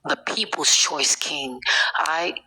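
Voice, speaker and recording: Woman, low husky voice with a bright edge, rambling, preachy live-stream host who slips into whispers. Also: takes it slowly, rough recording. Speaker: social media page host. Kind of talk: casual live-stream monologue.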